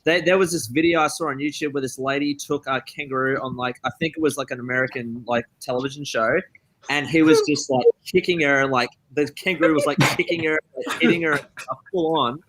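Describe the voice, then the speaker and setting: An Australian man chatting casually as a guest, excited and run-on, full of "like". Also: medium pitch, brisk, slight background noise, rough recording. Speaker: band member guest. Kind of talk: casual chat.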